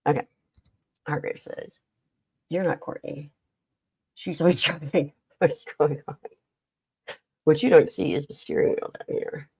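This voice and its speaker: A woman's voice: low voice, steady tone, a little slow, long pauses, a little mellow, breathy edge, no room sound, rough recording. A woman hosting a casual livestream who rambles, reads the chat aloud and laughs often, with a stuffy, runny nose. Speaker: livestream host.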